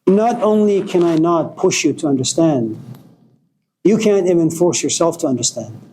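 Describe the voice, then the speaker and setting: Slow, mellow-voiced male lecturer. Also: a little high, expressive, low-quality recording. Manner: slow, deliberate, digressive storytelling. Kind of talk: philosophical lecture with storytelling.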